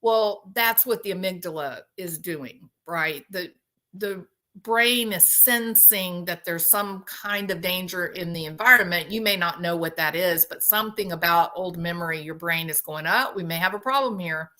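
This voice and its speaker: A woman hosting a casual chat with her viewers, telling animated stories and laughing often. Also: on the low side, a little slow. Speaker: host.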